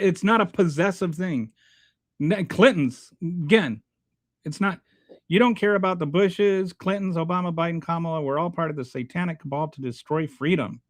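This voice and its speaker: A man hosting his own show, reading viewer comments aloud and answering them in a halting, blunt, exasperated way, restarting his sentences often. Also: high-pitched, no echo. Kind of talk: casual unscripted commentary.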